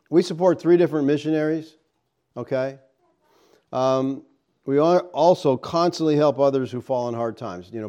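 A middle-aged man preaching a sermon as pastor, talking casually to the congregation and often asking "okay?" and "all right?". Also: mellow. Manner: acts out quoted people in a higher voice.

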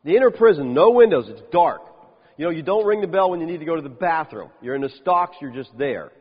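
A man preaching a sermon as a pastor, lively, with rhetorical questions and dry humorous asides. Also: a little high, fast talker, slightly rough. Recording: dull lo-fi sound with long reverb.

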